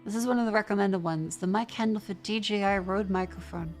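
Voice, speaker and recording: Australian woman, young adult, casual streamer reading chat, mid-pitched, soft music under. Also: steady tone. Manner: chatty, quick restarts, reading chat aloud. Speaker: vtuber streamer.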